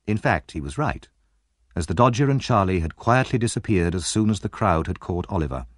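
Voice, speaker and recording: A man's voice: deep voice, expressive, a little fast, dry recording, studio quality. A man reading a classic novel aloud as an audiobook narrator, telling the story expressively and dramatically. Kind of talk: scripted narration.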